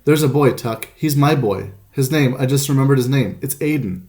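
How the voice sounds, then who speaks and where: Guy reading a loyal dog, urgent and earnest, kinda gravelly. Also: medium pitch, moderate pace, a little mellow, close to an everyday voice. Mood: excited. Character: loyal, determined male dog.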